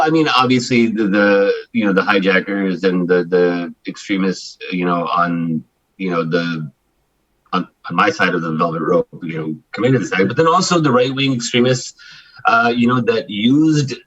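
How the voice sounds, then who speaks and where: Brief: forties male interview guest, low voice, husky timbre, lo-fi remote line. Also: fairly bright tone. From Chicago, United States. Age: 40s. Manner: emphatic, fast-flowing with frequent restarts. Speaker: guest, human rights attorney. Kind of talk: candid interview talk.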